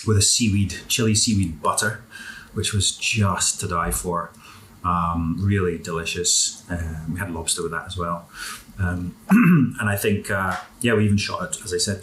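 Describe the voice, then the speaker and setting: Man, low voice, relaxed interview guest talking food between bites, faint background hiss. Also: rough recording. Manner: relaxed, enthusiastic about food, talks while eating. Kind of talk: casual interview chat.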